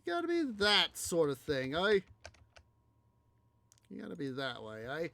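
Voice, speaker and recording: A man's voice: a little high, huge pitch swings, measured pace, vocal fry, bright, forceful tone. A man hosting a city-building game video, musing aloud in rambling casual commentary full of fillers. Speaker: let's play host.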